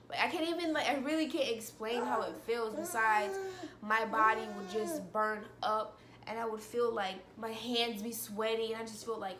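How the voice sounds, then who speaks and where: A woman's voice: on the high side, normal speed, roomy sound, noisy background. A young woman vlogging about her own experiences, hesitant and full of fillers and restarts. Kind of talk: personal confessional talk to camera.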